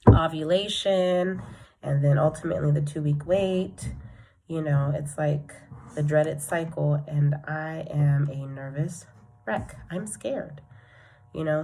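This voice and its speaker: Low-voiced woman in a reflective vlog. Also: creaky. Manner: rambling, reflective, talks to herself; soft and earnest, often trails off. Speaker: vlogger. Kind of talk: personal diary vlog.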